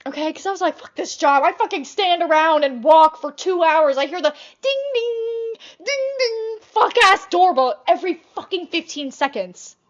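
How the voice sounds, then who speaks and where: Young woman vlogger, higher voice, animated, foul-mouthed storyteller; lo-fi computer mic. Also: moderate pace, hardly any pauses. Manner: chatty, swears often, animated retelling. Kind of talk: casual storytime vlog.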